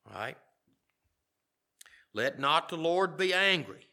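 A man's voice: on the high side, expressive, a little slow, sharp tone. A middle-aged man preaching a sermon, reading scripture aloud and commenting on it in a conversational way. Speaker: pastor.

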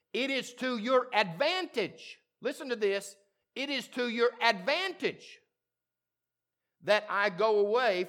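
Male pastor, high voice, sermon delivery that climbs from hushed to shouting. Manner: preaching with repetition, building to loud emphatic peaks.

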